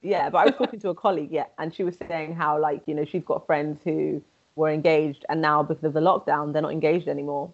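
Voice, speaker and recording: A young woman co-hosts a podcast, chatting casually in a low-pitched voice that's fast with fairly even intonation. She fills her speech with "like" and laughs often, and the sound is lo-fi.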